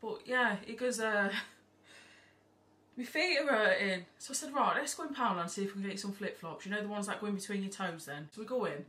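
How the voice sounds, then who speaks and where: A brisk, pushed, bright voice at medium pitch belongs to a woman doing a casual haul vlog at home, rambling and swearing freely. The mic is distant, she's by an open window, and there's faint noise behind her.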